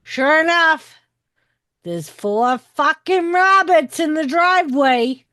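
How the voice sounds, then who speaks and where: Lively high-voiced woman telling stories. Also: takes it slowly, no room sound. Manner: animated storytelling, heavy swearing. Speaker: co-host. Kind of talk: casual chat.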